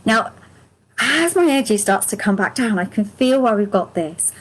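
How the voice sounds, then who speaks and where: A woman leading a live angel card reading, speaking in a gentle, affirming, soothing way. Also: mid-range voice, animated, normal speed, rough recording. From United Kingdom. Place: home, live stream.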